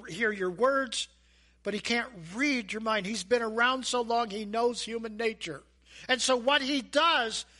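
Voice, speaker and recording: A man preaching a sermon as a pastor, animated and asking the congregation questions. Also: very high-pitched. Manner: animated, acts out voices and asides; asks the audience questions.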